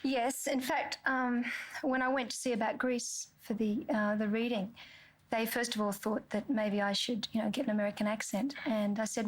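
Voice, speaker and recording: A woman's voice: on the high side, fairly even intonation, moderate pace, low-quality recording. A woman in her thirties with an Australian accent, answering interview questions in a chatty way and laughing easily. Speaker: interviewee, singer and actress.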